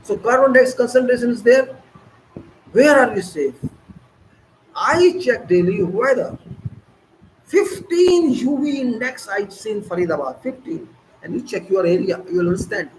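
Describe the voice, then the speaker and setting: A man's voice: sits high, animated, moderate pace, slight background noise, rough recording. A man with an Indian English accent delivering a scolding, repetitive political monologue. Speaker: political commentator. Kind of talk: ranting monologue.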